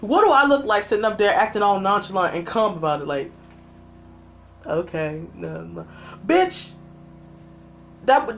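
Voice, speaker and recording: A vlogger in a profane, angry rant, sounding heated and exasperated and talking straight at the people being ranted about. The voice swings between loud outbursts and low, muttered asides. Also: lo-fi sound, slight background noise. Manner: heated and exasperated, heavy swearing, talks straight at the absent characters. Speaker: vlogger reviewing a TV series.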